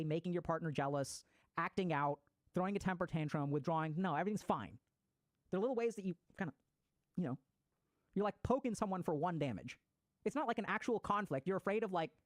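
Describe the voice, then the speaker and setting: A man who is a psychiatrist, explaining attachment to an online audience in a casual lecture, conversational and quick, with swearing and gaming slang. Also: a little high, dry recording.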